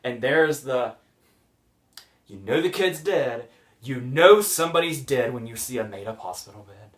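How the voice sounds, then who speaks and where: A man's voice: medium pitch, lively intonation, normal speed, a bit bright, distant mic. A man hosting a casual movie review podcast, sarcastic and mocking scenes as he retells them.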